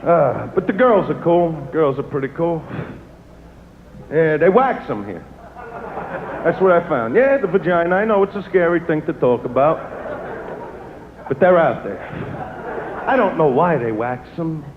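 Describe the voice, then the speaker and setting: A man's voice: fairly high pitch, expressive, measured pace, pauses often. Brash, crude man doing stand-up. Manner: brash, crude, swaggering delivery. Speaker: stand-up comedian. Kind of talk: stand-up comedy routine. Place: live comedy venue. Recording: lo-fi phone-like live recording with loud noise and echo.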